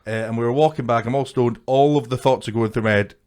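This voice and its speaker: A young man, co-hosting a comedy podcast and telling an anecdote in a laughing, animated way, swearing often. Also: medium pitch, fast talker. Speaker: podcast co-host. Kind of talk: casual comedic storytelling.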